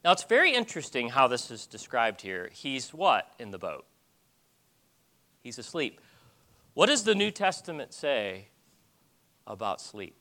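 A middle-aged man preaching a sermon in an animated way, often restarting his sentences. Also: medium pitch, measured pace, long pauses.

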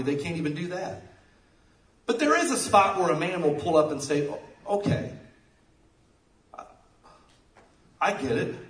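A man preaches a sermon in a lively, fairly high voice that rises and falls widely. He tells jokey stories and breaks into sudden loud bursts. He sounds some way from the mic, with the echo of a roomy church hall around him. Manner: animated, jokey storytelling with sudden loud outbursts. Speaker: pastor. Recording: echoey room, mic at a distance.

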